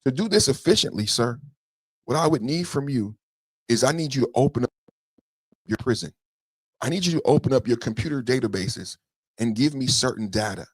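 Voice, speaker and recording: A man putting on a calm male border official who makes a polite, measured request. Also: medium pitch, breathy edge, dry recording.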